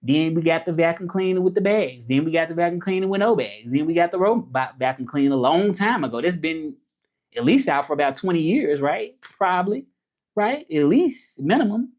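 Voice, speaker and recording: A man's voice: a little high, lively intonation, a little fast, a little mellow. Chatty Southern man hosting a livestream. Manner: loose, chatty, answers viewer comments. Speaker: livestream host and interpreter. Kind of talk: casual livestream chat.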